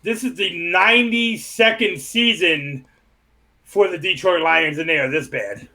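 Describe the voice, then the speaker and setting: A man's voice: high-pitched, measured pace, bright, forceful tone. A man co-hosting a casual football talk show, running through a roster and schedule and laughing at how bad it looks. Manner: laughs while listing team names and schedules. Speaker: podcast co-host. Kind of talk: casual sports chat.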